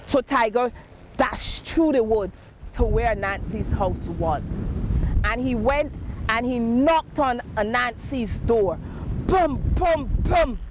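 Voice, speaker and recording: A woman telling a folk tale in a lively, sing-song way, with dramatic pauses. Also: on the high side. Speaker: storyteller. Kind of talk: folk tale storytelling with singing. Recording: windy outdoor mic noise.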